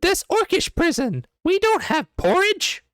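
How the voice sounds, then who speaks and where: A man voicing a big burly orc cook who talks in broken, simple speech, loud and high. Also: wildly swooping pitch, a little slow, no room sound, studio quality, heavily acted. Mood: gruff.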